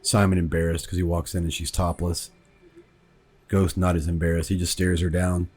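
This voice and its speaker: A film director from Kentucky in the United States offers a rambling, conversational commentary on his movie. His low voice is flat, a little mellow, and slightly rough, moving at normal speed, and he repeats words as he thinks.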